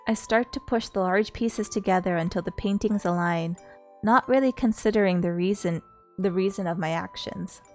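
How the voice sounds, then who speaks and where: A woman's voice: medium pitch, normal speed, soft background music. A woman streamer reading a story game aloud in an earnest way, stopping now and then to talk with her viewers.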